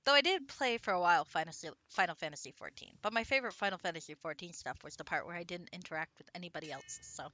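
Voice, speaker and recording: A woman's voice: on the low side, animated, fast, few pauses, pushed and bright. A woman game streamer chatting casually and giggling while she plays. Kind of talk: casual live-stream commentary.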